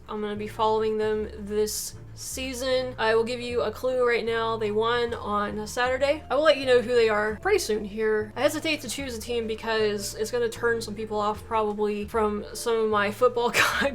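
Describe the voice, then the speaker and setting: An American woman with a fairly high voice talks straight to her viewers in an easy, casual way. She rambles and corrects herself mid-thought, with a playful, unpolished manner. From United States. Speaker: YouTube reaction host. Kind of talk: casual chat to camera.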